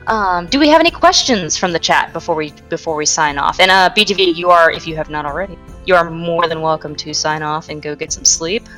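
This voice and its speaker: Laid-back woman game master, lowish voice. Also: brisk, few pauses, a bit bright, faint music behind. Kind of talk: casual post-game chat.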